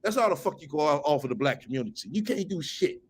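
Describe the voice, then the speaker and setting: A man's voice: fairly high pitch, big pitch swings, quick pace, slightly rough. Male commentary host with a slightly raised voice who reads posts aloud and tears into them with foul-mouthed mockery. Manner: profane, mocking, incredulous rants; breaks into laughter at times. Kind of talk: reading a post aloud and reacting.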